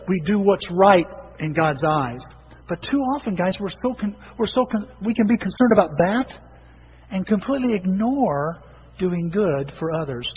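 High-voiced pastor preaching in a hall. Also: male voice, slight background noise. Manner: animated, repeats and restarts words, acts out quoted voices. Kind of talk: sermon. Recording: dull lo-fi sound with long hall reverb.

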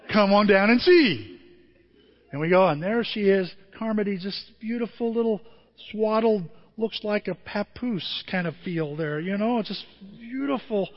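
An older man preaching a sermon as the pastor, telling stories and acting out what people said. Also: high voice. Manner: animated storytelling with acted-out quotes. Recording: dull audio in a long-reverb hall.

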